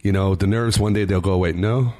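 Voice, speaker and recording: A man, a fellow comedian, talking in a relaxed, reflective casual chat. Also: sits low, a little fast.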